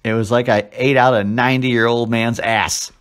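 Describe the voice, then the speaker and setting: A man's voice: mid-range voice, fairly even intonation, moderate pace, fairly bright tone, clean tone. Man telling a crude story. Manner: storytelling with crude jokes and put-on voices. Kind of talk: casual chat.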